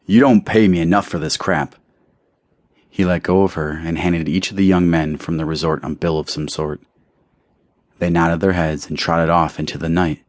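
Man, very deep voice, audiobook narration, measured reading, dry close mic. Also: no echo. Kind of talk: scripted narration. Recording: dry close studio recording.

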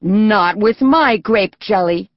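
A stubborn, possessive older woman from a children's story, voiced by a woman narrator. She speaks slowly and firmly, on a muffled, dry recording. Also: medium pitch, no echo, close to an everyday voice.

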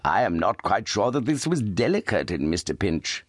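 A male audiobook narrator voicing a sanctimonious, hypocritical middle-aged gentleman who speaks slowly and sweetly. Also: on the low side, very animated, no echo, studio quality, full character voice. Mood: unctuous. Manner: slow, sweet, unctuous delivery. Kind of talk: audiobook character reading.

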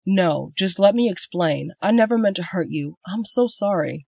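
A woman's voice: on the low side, animated, moderate pace, gravelly, darkish tone, husky, dry recording, exaggerated voice. A woman voicing a cheating husband who stumbles over his words and pleads, in a dry audiobook reading. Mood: pleading. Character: cheating husband, nervous and apologetic.

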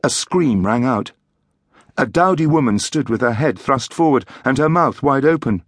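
Expressive male audiobook narrator. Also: mid-range voice, normal speed, no room sound, clean studio sound. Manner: expressive, dramatic storytelling.

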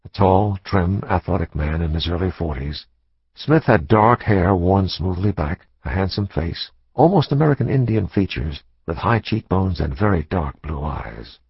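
A man with a very low, gravelly, husky voice narrates a suspense novel in a measured, dramatic manner. The studio recording is dry and somewhat dull. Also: expressive, no echo. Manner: measured, dramatic thriller reading. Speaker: audiobook narrator. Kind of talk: scripted narration.

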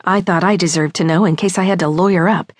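A woman's voice: fairly low pitch, steady tone, quick pace, no room sound, studio quality. A woman narrating a comic mystery audiobook in the first person, with a wry, knowing storytelling manner.

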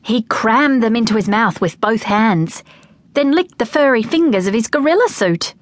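A woman narrating a children's audiobook with lively, expressive storytelling. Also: fairly high pitch, normal speed, no echo.

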